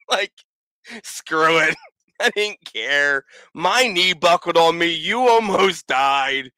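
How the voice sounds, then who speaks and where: A man chatting casually, animated and often laughing as he acts out what people said. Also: high voice, normal speed, no room sound. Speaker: podcast guest, wrestler. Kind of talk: casual storytelling chat.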